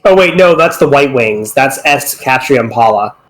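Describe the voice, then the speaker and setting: A man's voice: mid-range voice, lively intonation, moderate pace, fairly bright tone, rough recording. A man co-commenting on a game stream in a chatty way, often correcting himself mid-thought.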